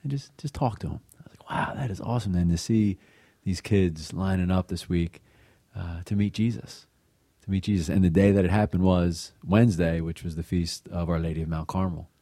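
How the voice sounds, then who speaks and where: A man's voice: low voice, fairly even intonation, normal speed, warm tone, dry recording, studio quality. A man sharing a devotional reflection in a conversational way, with many fillers and repeated words. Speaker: co-host of a faith reflection show.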